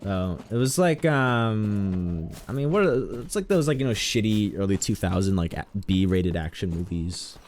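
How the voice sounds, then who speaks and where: A man's voice: lowish voice, expressive, measured pace, darkish tone, slight background noise. A young man chatting casually while he streams a game, rambling and mocking his own mistakes. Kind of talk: casual gameplay commentary.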